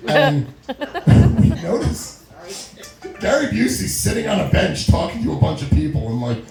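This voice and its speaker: A middle-aged man performs stand-up in a small club, his voice mellow and swinging widely in pitch as he laughs through his stories. The room carries a noticeable echo around him. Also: animated, moderate pace, soft background music. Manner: storytelling with frequent laughs and acted-out quotes. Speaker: stand-up comedian. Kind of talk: stand-up comedy set. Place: small comedy venue. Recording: echoey room recording.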